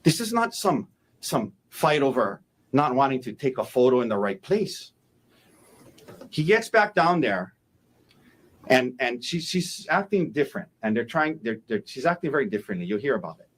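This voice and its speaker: A man's voice: mid-range voice, big pitch swings, moderate pace. A man, a defense attorney, giving a courtroom opening statement, emphatic and repeating key phrases for effect.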